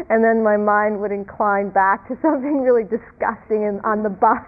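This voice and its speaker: A woman's voice: mid-range voice, fairly even intonation. Woman teacher giving a tinny dharma talk. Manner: reflective, halting, repeats words, laughs softly. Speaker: meditation teacher. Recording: tinny phone-like lo-fi sound.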